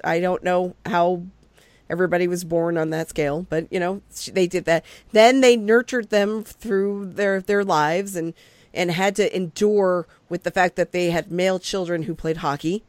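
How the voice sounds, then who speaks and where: A woman's voice: on the low side, dry recording. Woman, podcast host, casual chat, rambling, dry close sound. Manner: animated, rambling, laughing asides.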